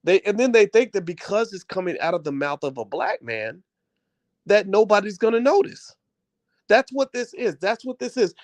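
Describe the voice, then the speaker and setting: Male commentary host, higher-pitched voice, heated and repetitive, dry booth-like sound. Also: sing-song, moderate pace, no echo. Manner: passionate, repetitive, rhetorical questions to viewers. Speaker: channel host. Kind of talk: opinion commentary rant.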